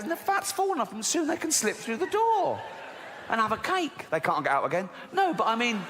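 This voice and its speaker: A middle-aged man doing a stand-up comedy routine on stage, animated and laughing at his own jokes. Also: very high-pitched, brisk, noisy background. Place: large theater stage with a live audience. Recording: live hall recording with long reverb.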